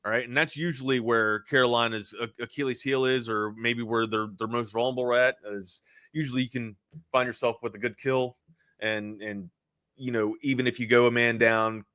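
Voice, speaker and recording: A man's voice: medium pitch, fairly even intonation, normal speed, a bit bright, clear, resonant tone, no echo. A man co-hosting a live sports talk stream, talking loosely with plenty of filler words. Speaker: sports talk show co-host.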